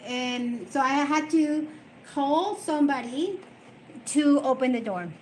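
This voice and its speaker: A woman's voice: high-pitched, takes it slowly, a little hiss or hum. A middle-aged woman chatting casually on a live stream, emotional and rambling as she answers viewer comments.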